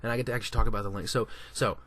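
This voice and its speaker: A man talking through a casual opinion commentary, animated and emphatic, often restarting his sentences. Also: fairly low pitch, racing. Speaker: commentary vlogger.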